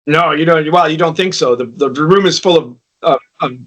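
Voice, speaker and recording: A man's voice: on the high side, normal speed, a bit bright, poor audio. A man running a tabletop game as game master, chatty and often laughing. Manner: laughing often, restarts sentences.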